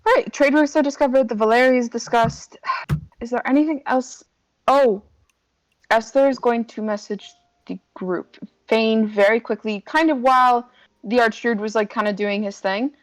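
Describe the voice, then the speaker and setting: A woman's voice: on the high side, normal speed, no echo, low-quality recording. A woman playing a tabletop game, talking enthusiastically and swearing casually. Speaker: player. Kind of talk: tabletop role-play chat.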